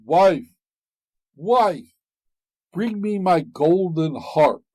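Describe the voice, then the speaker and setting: A man voicing a huge, man-eating male ogre in a storybook reading, loud, booming and demanding. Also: big pitch swings, drawn-out words, no echo, full character voice.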